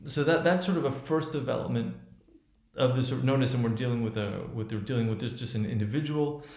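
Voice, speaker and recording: A man lecturing on how a speech is built and spoken. He talks haltingly, with many restarts and fillers, and often checks in with "right?". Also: mid-range voice, a little mellow, roomy sound. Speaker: teacher.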